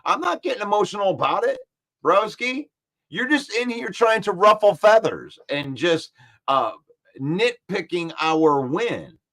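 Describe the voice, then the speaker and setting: A man hosting a casual football talk stream, reading viewer comments and firmly arguing back. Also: high voice. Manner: reads viewer comments aloud and argues back, animated and defensive. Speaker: sports talk show host. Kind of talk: casual live-stream sports chat.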